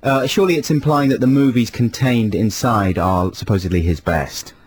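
A man's voice: normal speed, breathy edge. A man co-hosting a radio show in casual, jokey banter. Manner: playful, jokey banter with lively pitch. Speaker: radio co-host.

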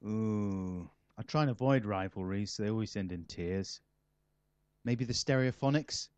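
As a comic guest, this man responds to interview questions in a fairly low, smooth, darkish voice at an unhurried pace, wandering through his answers with wry, self-deprecating humor. The audio has no echo and sounds slightly dull and dry.

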